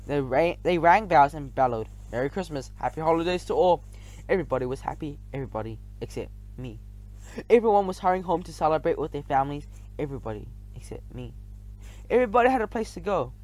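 Man, children's audiobook narration, first person, slightly high pitch, occasional stumbles. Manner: stumbles and restarts words while reading. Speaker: audiobook reader.

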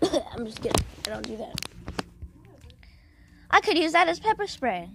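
Goofy girl rambling on camera, kinda high voice, noisy hiss behind. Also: big pitch swings, normal speed, vocal fry, pauses often. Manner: silly, scattered, jokey. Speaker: video maker. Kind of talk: casual rambling vlog. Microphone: headphones on, yelling at times.

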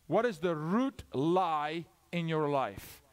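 A middle-aged male guest preacher with a fairly high voice that leaps up and drops low all the time. He preaches with drama, firing questions at the crowd and acting out little scenes. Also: lively intonation, slow pace. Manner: dramatic, swinging from loud calls to hushed asides; asks questions, acts out dialogue. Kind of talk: sermon.

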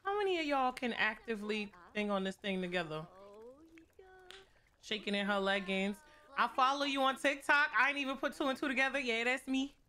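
A young woman riffing through a long gameplay stream, chatting to her viewers in loose, slangy banter. Her voice sits a little high and rings bright and forward. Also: animated. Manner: playful, slangy, quick jokes to chat. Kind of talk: casual gameplay commentary.

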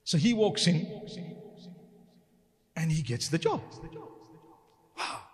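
A man's voice: a little high, big pitch swings, takes it slowly. A man giving a sermon, mixing jokes and conversational asides with pious interjections. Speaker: Islamic preacher. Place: lecture hall. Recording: long hall reverb.

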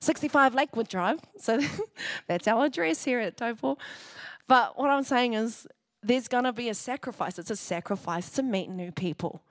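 Her voice sits on the high side, expressive and at a moderate pace, as this woman pastor gives a chatty sermon in a church hall. Laughing frequently, she acts out what people told her. The sound is clean, like a studio.

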